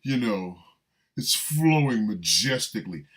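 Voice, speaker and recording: A man's voice: on the low side, animated, measured pace, fairly bright tone. A man delivering a comic monologue, riffing with repeated lines and mock-incredulous asides. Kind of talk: comedic monologue.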